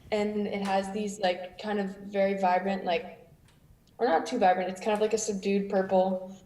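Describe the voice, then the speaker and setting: A woman's voice: medium pitch, steady tone, normal speed, pauses often, warm tone. A woman from Los Angeles sharing in class, hesitant with many fillers. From Los Angeles, United States. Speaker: student. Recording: echoey room, voice from far off.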